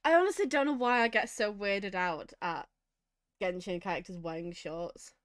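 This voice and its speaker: A woman's voice: mid-range voice, normal speed, dry recording, clean studio sound. A woman streaming a video game, chatting casually and rambling between laughs. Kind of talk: casual gameplay commentary.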